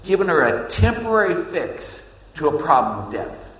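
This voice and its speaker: A man preaching a sermon as pastor, swinging between loud emphasis and hushed, low lines. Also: sing-song, moderate pace. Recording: echoey hall with long reverb.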